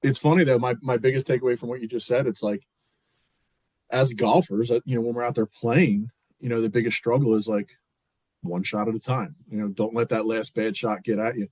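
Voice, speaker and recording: Male podcast co-host, mid-pitched voice, dry close mic, joking banter. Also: fairly even intonation, brisk, darkish tone, dry recording. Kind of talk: casual podcast chat.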